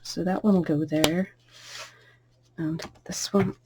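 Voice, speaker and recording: A woman giving a casual, chatty card-making tutorial, with soft asides under her breath. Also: on the low side, fairly even intonation, takes it slowly, very noisy.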